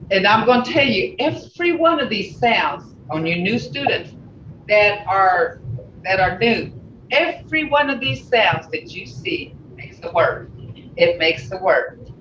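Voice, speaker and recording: A patient language teacher, talking slowly and going over each point more than once. The voice comes through a video call, sounding muffled and dull, set back from the mic in an echoey room. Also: mid-range voice, lively intonation, sharp tone, distant mic, slight background noise. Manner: slow, repetitive, patient explaining. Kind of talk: online language class.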